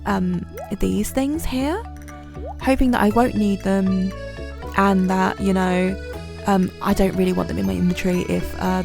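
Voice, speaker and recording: A woman's voice: mid-range voice, vocal fry. A woman giving chatty, self-deprecating commentary over her gameplay, with plenty of ums. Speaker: gaming channel host. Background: soft game music.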